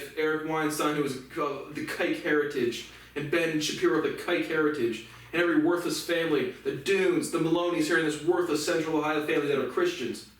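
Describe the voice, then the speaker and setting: Man, solo vlogger, angry profane rant, slightly high voice, far from the mic in a boomy room. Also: heavy reverb. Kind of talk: ranting monologue.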